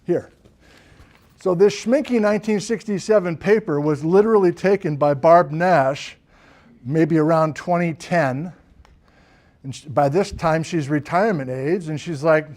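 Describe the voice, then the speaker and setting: Give me an enthusiastic male professor lecturing a class, with a fairly high voice. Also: unhurried. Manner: animated and enthusiastic, loud at times. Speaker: university geology lecturer. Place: university classroom.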